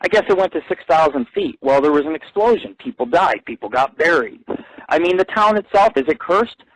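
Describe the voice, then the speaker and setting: This low-quality recording captures a man talking a little fast as he hosts his own internet radio show. He tells profane, boastful stories in a rambling live monologue, growing higher and louder when excited.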